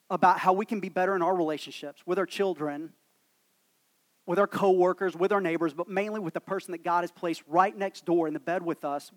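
A man, a pastor preaching a sermon in a church in a conversational, self-deprecating storytelling manner. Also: high voice. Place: church sanctuary.

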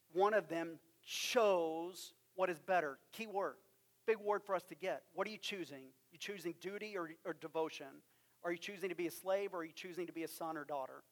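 A man with a West Texas accent preaching a sermon, emphatic, with drawn-out stresses and rhetorical questions. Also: high voice. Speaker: pastor.

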